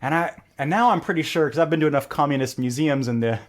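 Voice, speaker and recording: A man as a podcast guest, telling stories in a relaxed conversational way and acting out quoted lines. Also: on the high side, fast talker. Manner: animated, acts out quoted lines in a joke. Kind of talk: conversational storytelling.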